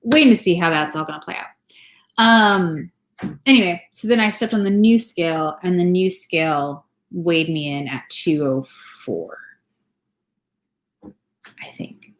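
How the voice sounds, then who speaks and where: A woman's voice: lowish voice, measured pace, long pauses. Chatty woman in her thirties, roomy echo. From California. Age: 30s. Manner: chatty, rambling, laughs often. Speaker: vlogger. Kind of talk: casual live-stream chat. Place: home, indoors.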